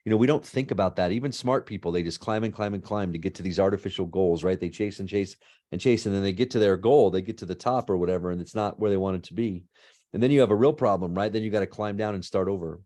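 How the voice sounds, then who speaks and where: A middle-aged man, a law and ethics professor, answering interview questions in an animated storytelling way, often tagging "right?". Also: low voice, quick pace.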